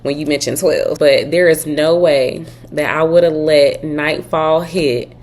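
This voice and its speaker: A woman's voice: deep voice, fairly even intonation, measured pace, a little mellow. A woman hosting a reaction video, giving emphatic commentary and telling viewers what she would have done. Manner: emphatic, advising, talking straight to viewers. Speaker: host reacting to a story.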